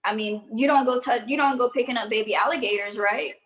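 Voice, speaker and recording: A woman's voice: fairly high pitch, fast talker, fairly bright tone, rough recording. A woman, co-hosting a casual review show and giving her opinions in a gossipy, chatty way. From Louisiana. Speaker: co-host.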